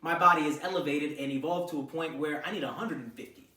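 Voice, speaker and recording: A man's voice: on the high side, fast, bright, forceful tone. A man ranting to camera with blunt, profane gym advice, lecturing the listener. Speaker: vlogger giving gym advice. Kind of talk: unscripted talking-to-camera rant. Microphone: camera mic. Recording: echoey room, far from mic.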